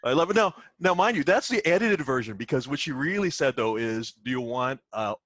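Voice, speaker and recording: A man's voice: medium pitch, expressive, a little fast, fairly bright tone, no echo. A man hosts a casual interview, chatting easily and dropping in frequent short replies. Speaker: podcast host.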